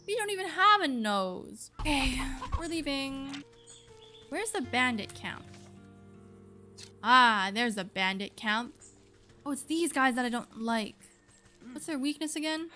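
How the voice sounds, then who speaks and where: A woman's voice: high-pitched, lively intonation, unhurried, pauses often, bright, forceful tone, soft background music. A woman giving playful, chatty let's play commentary, talking to game characters. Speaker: gaming channel host.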